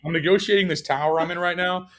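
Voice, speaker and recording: A man's voice: sits high, fairly even intonation, quick pace, crowd noise. A man hosting a podcast in casual chat, rambling and swearing freely, with frequent restarts. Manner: rambling, profane, restarts often. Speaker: podcast host.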